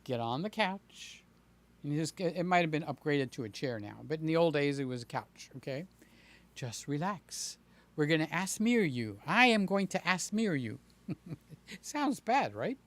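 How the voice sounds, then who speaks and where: Slow and chatty, this livestream host reads out viewers' messages and replies to each by name, showing a playful side. He breaks into a high, silly voice to amuse a child. His voice is a bit bright and swings widely in pitch.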